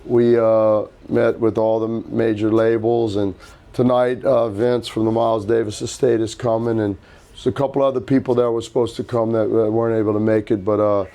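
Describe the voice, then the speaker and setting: A middle-aged man and record label founder telling an animated anecdote at an indoor hi-fi event, acting out quotes and swearing casually. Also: on the low side, normal speed. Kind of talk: casual storytelling interview.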